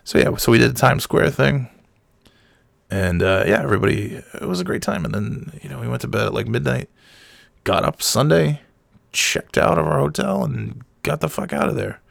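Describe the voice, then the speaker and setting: A man recounting a trip in casual, rambling chat with swearing, his voice hoarse and fading. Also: medium pitch, lively intonation, moderate pace, no echo, studio quality. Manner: rambling, profane, laughs mid-sentence. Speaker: vlogger.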